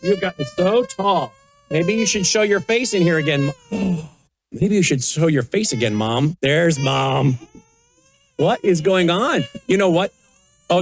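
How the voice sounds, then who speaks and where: An older man, the host, gently coaxing and baby-talking with a small child at a studio news desk. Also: high-pitched. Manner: soft coaxing baby talk. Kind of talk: casual chat with a toddler on air.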